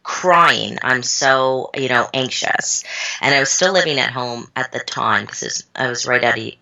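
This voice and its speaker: A woman guest on a podcast, telling a personal story in casual talk and acting out the quoted voices with big jumps in pitch. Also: steady tone, normal speed, pushed and bright, muffled recording. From Canada. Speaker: guest expert on self-doubt.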